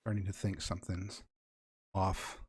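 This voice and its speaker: A man's voice: low voice, little pitch movement, measured pace, breathy edge. A man narrating as game master of a tabletop horror game, improvising scenes with wry, playful asides.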